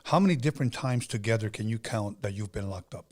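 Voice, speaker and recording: A man's voice: on the low side, fast talker. A man hosting an interview, asking probing follow-up questions and answering with short affirmations. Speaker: host.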